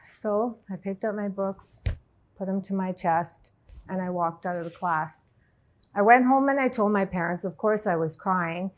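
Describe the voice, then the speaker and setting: A middle-aged woman, a life coach, telling a personal story to an audience in an emotional, halting way. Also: medium pitch. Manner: emotional, halting, tearful at times.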